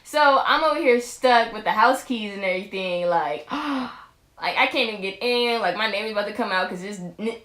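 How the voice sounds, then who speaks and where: A woman's voice: mid-range voice, animated, normal speed, fairly bright tone. A young woman, a vlog co-host, rambling casually through a storytime with lots of restarts. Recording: roomy echo.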